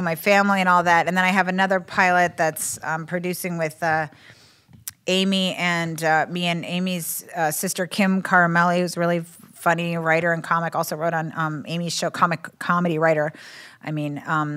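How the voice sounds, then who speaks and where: Woman comic guest, thirties, lively storyteller, bursts into acted-out voices, casual podcast chat. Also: lowish voice, a little fast, clear, resonant tone. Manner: animated storyteller, acts out quoted voices, laughs often. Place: bar lounge.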